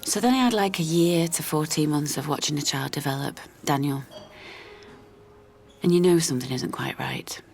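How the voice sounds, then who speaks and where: An actress playing a worn-down, loving mother of an autistic boy, speaking in a halting, confessional way that often drops to a near whisper. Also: deep voice, gravelly, a little mellow, soft background music. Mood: reflective. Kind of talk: radio drama monologue.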